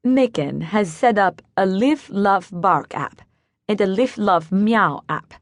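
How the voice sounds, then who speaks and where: A woman voicing an elderly German grandmother who runs an inn, with a German accent and a brisk, practical manner of giving instructions. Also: mid-range voice, expressive, no room sound. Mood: instructing. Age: older. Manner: matter-of-fact, giving orders.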